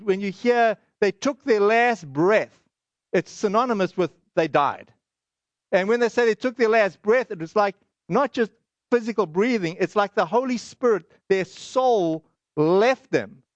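Earnest guy preaching, pretty high voice, dry kinda dull lo-fi audio. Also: no echo. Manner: earnest, conversational with frequent restarts and quoted asides. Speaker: pastor. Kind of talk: sermon.

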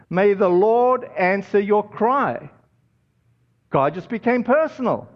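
Pastor, male, high-pitched, casual storytelling sermon, slightly muffled audio. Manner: conversational, storytelling with many fillers.

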